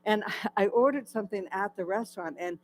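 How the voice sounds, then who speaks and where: A woman's voice: mid-range voice, fairly quick, a little hiss or hum, rough recording. A woman giving her personal testimony at a church in a candid, conversational storytelling way. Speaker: guest speaker sharing her testimony.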